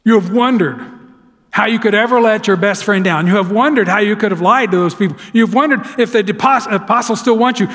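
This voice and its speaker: A man preaching a sermon in a church sanctuary, telling the story with lively, dramatic flair. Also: sits high, brisk. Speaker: pastor. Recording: long church hall reverb.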